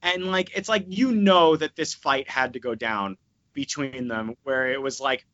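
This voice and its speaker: A man hosting a casual podcast chat, talking in an animated way and swearing freely as he rants. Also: medium pitch, a little slow. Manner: animated, profane ranting. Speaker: podcast host. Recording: slightly dull lo-fi sound.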